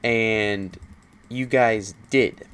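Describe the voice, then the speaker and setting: A young man talking through a personal matter to his channel's viewers, halting and rambling with many fillers and sighs. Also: on the low side, steady tone, fairly bright tone, smooth. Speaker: gaming channel host. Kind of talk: personal confessional talk.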